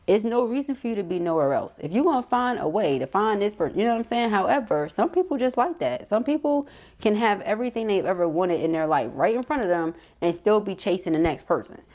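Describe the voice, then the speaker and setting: A middle-aged woman giving a casual, slangy tarot reading to camera, chatty and quick to laugh. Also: medium pitch, expressive, a little mellow. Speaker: tarot reader.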